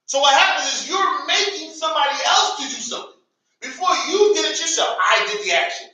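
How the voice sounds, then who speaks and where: A man's voice: very high-pitched, lively intonation, fairly quick, pushed and bright. An American man teaching an Arabic grammar class, calling on students and having them repeat words after him. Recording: echoey classroom, from far off.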